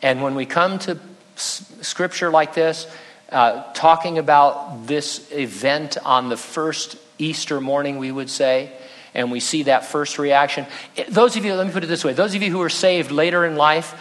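An earnest male pastor preaching a sermon in a conversational way, slipping in light humor. His voice sits a bit high for a man. A long reverb trails his words through the large sanctuary. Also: moderate pace, fairly bright tone.

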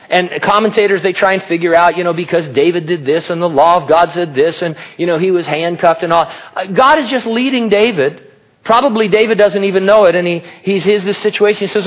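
Middle-aged male pastor, sermon delivery, slightly high voice, animated storyteller, dull lo-fi recording. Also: fairly quick.

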